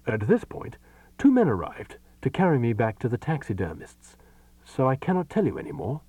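A man narrating a comic short story as an audiobook, expressive and unhurried. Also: medium pitch, husky, no echo, distant mic.

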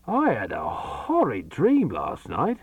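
A man's voice: medium pitch, huge pitch swings, takes it slowly, breathy edge, no room sound, highs cut off, full character voice. A man voicing a fretful man recounting a bad dream in an audiobook reading. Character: man in silk pajamas, anxious, chatty.

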